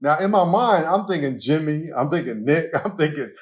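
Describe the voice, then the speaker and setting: A man with a New York accent, a pastor talking as a guest in a casual interview, telling lively stories and laughing often. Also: on the high side, moderate pace. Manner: animated storytelling, laughs often.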